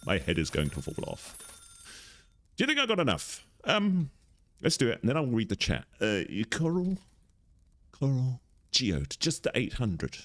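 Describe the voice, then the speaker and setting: A man's voice: medium pitch, wildly swooping pitch, unhurried, long pauses. A man live-streaming a game, chatty and playful, talking through what he is doing. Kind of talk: casual live-stream chat while gaming.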